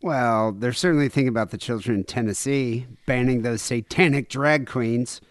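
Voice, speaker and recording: A middle-aged man co-hosts a comedy podcast, keeping the chat casual, jokey and playful. He speaks at a medium pitch and moderate pace, in studio-quality audio with no echo.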